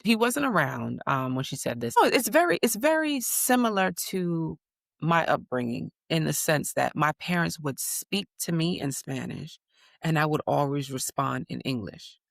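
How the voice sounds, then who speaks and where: Her deep, creaky voice swings widely in pitch at a normal speed as she shares family stories and imitates her children. She's an American-born woman in her thirties appearing as a guest in a conversational interview, recorded in clean studio sound with no echo.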